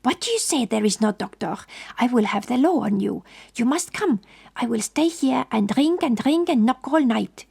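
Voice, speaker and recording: A woman's voice: medium pitch, measured pace, vocal fry, warm tone, breathy edge. Hercule Poirot, a fussy detective, whispered by a woman. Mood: indignant. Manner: formal, mildly reproving, ornate phrasing. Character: fussy, precise older male detective. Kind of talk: whispered role-play.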